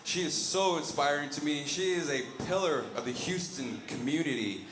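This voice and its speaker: A man with a bright, forceful voice hosts a live comedy night and pumps the crowd up for the next act. The echoing room carries audience murmur and a faint hiss. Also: on the high side, moderate pace. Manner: builds to shouted introductions. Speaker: emcee. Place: studio stage before a live audience.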